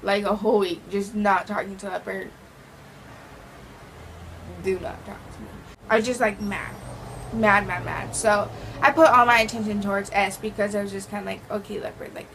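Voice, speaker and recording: A woman's voice: mid-range voice, steady tone, brisk, creaky, a bit bright, a little hiss or hum, rough recording. A teenage girl vlogger telling a dramatic storytime, acting out the quoted voices. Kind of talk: casual storytime vlog.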